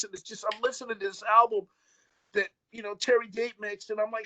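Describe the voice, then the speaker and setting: A man's voice: on the high side, quick pace, rough recording. A man, a recording engineer, telling studio stories in a casual video-call chat, swearing freely and acting out quotes. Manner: animated storyteller, swears freely, acts out quotes. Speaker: recording engineer and producer guest.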